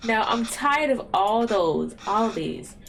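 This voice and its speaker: A woman's voice: on the high side, lively intonation, takes it slowly, vocal fry, full character voice. A woman voicing a stubborn young boy in a video game, whiny and insistent. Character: stubborn young boy who wants pizza.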